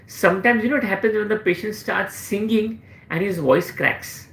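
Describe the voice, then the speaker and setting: A man's voice: high-pitched, normal speed, vocal fry, fairly bright tone, reverberant. A man with an Indian English accent, a homeopathic doctor answering questions and teaching in a live session, explaining with repeated emphasis.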